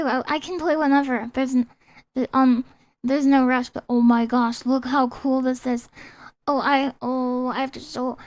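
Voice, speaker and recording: A woman streaming a game in casual live chat, excitable, often reading chat aloud and apologizing. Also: high voice, measured pace, no room sound. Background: faint game music.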